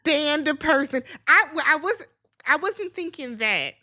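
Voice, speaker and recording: A woman from Milwaukee hosting a casual talk show, playful and animated with lots of laughter. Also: sits high, unhurried. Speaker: show host. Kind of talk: casual podcast chat.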